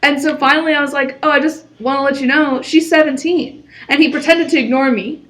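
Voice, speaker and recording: A young woman with a high voice tells a story from her job on a relaxed podcast. She quotes customers and coworkers in an animated way. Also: fast talker. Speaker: podcast co-host. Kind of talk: casual chat.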